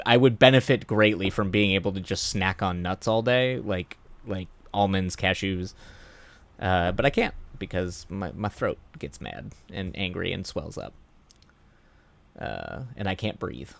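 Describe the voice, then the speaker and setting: A man's voice: low voice, no room sound. A man hosting a livestream, chatting loosely with viewers, rambling with lots of fillers and frequent laughs. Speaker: livestream host. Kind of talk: casual chat reading viewer comments.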